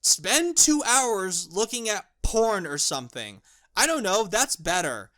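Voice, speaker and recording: Bright tense voice, exasperated film review rant, swearing, repetitive restarts. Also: medium pitch, big pitch swings, unhurried. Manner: exasperated, profane, ranting; repeats words and restarts when worked up.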